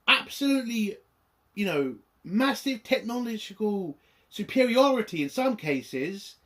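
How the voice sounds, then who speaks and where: A man's voice: high voice, a bit bright. A man reviewing a TV episode in an angry, exasperated rant, swearing often. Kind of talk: ranting video review.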